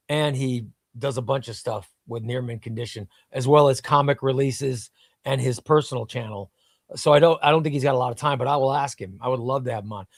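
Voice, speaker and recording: A man's voice: mid-range voice, no echo, clean studio sound. A man hosting a live comics stream, chatting casually and enthusiastically while reading out viewer comments. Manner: enthusiastic, rambling, reads out chat. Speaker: host of a live comics show.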